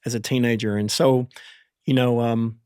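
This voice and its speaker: Man in his 40s, mid-pitched, halting and searching for words; dry studio podcast sound. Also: level tone, darkish tone, smooth, no room sound. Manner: halting, with many restarts and fillers. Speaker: podcast host. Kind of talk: candid conversation about parenting.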